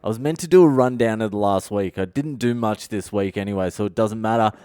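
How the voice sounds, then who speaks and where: Low-voiced guy on a solo podcast, swearing constantly, rambly blunt stories, dry close sound. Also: a little fast, mellow, clean tone, dry recording. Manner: profane, blunt, rambling anecdotes. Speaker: podcast host, comedian. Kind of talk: solo confessional podcast storytelling.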